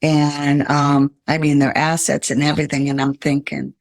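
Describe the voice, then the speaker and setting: A woman's voice: low voice, flat delivery, normal speed, gravelly, no echo, studio quality. An older woman, a podcast guest, earnestly telling her life story in an interview.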